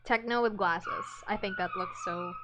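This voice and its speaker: A woman giving casual reaction commentary as a fan, excitable and rambling, often restarting her words. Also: medium pitch, normal speed, heavy background noise.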